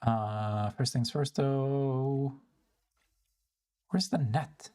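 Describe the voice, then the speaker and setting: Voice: medium pitch, very slow, dark tone. A game streamer chatting casually while playing, self-mocking and rambling, swearing now and then, and breaking into laughter often. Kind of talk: casual live-stream commentary over gameplay.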